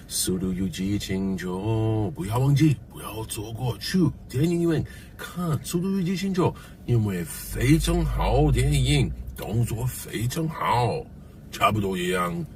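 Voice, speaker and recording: Man, promotional clip, enthusiastic, slow, faint background noise. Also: mid-range voice.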